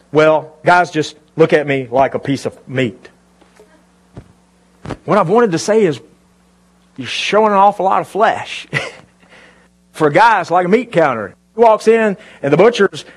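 Male pastor, sermon in a church, husky voice, fairly high pitch, chatty rhetorical questions. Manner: conversational preaching with rhetorical questions to the congregation. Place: church before a live congregation.

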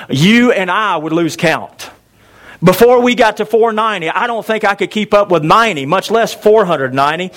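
A man's voice: high voice, fairly bright tone. A man preaching a sermon as a pastor, emphatic and repetitive, with fillers and self-corrections.

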